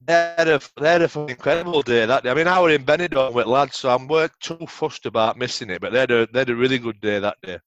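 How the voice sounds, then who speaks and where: A man's voice: medium pitch, fast, few pauses, dry recording, muffled recording. A middle-aged man with a Yorkshire accent telling rambling, sweary football stories in a casual interview. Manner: swears freely, rambling anecdotes. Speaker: podcast guest, former footballer.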